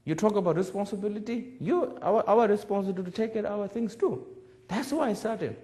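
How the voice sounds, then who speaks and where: A man's voice: sits high, fairly quick, mellow. A man in his forties, a Buddhist teacher giving a public talk in broken English, telling stories and laughing often. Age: 40s. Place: webcast lecture.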